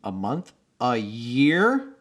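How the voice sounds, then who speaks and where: A man's voice: medium pitch, wildly swooping pitch, very slow. A man co-hosting a podcast, chatting casually and laughing as he retells film scenes. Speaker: podcast co-host. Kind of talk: casual chat.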